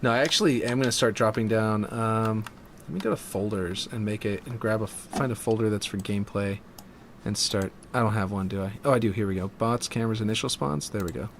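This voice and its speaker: A man's voice: on the low side, fairly quick, slight background noise. A man streaming while building a game map, chatting casually and thinking aloud as he trails off. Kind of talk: casual chat while working.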